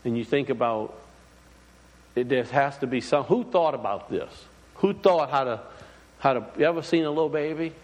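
A man preaches to his congregation in a mid-range, animated voice at a moderate pace. His delivery is loose and conversational, full of fillers and restarts, and he keeps asking his listeners questions. The sermon carries a long hall reverb.

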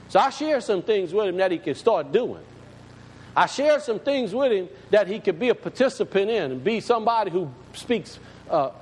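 A pastor preaching in a high voice that leaps up and down. He talks straight to his congregation in a folksy, emphatic way. His words ring with a long reverb, over a faint hum of background noise. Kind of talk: storytelling sermon.

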